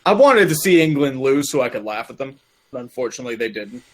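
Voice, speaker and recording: A man co-hosting a casual sports talk live stream, chiming in with relaxed, offhand comments. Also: medium pitch, quick pace.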